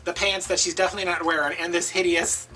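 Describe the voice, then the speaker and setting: A man telling a casual story as a crafting video host, animated and gossipy, acting out other people's voices as he goes. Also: high voice, fast talker. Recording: distant mic with faint background music.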